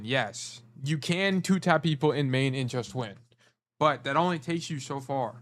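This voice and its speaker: A man's voice: medium pitch, measured pace, dry recording. Rambling, joking man coaching on stream. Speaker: game coach. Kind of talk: casual livestream coaching commentary.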